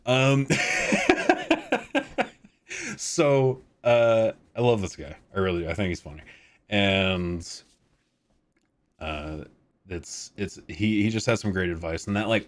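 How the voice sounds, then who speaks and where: A man's voice: low voice, lively intonation, unhurried. A man in his thirties chatting casually on a live stream, rambling, laid-back and swearing freely. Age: 30s.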